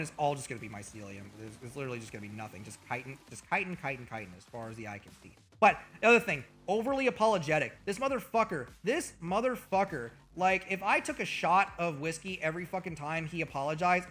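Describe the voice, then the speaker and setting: A man's voice: fairly high pitch, bright, forceful tone. A man streaming as a VTuber, talking in a loose, profane, mock-boastful way to his chat. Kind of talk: casual livestream commentary.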